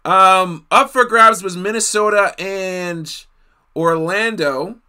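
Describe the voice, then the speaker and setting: Man from Canada, card break host, chatty, unhurried, slightly high voice. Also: pushed and bright, smooth. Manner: chatty, laughs often, thinks aloud with fillers. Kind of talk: live card-break commentary.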